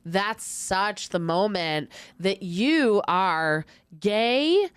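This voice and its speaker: A woman's voice: mid-range voice, lively intonation, extremely slow, clear, resonant tone, no echo. A woman co-hosting a podcast in casual chat, a supportive listener who answers with short affirmations. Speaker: podcast co-host.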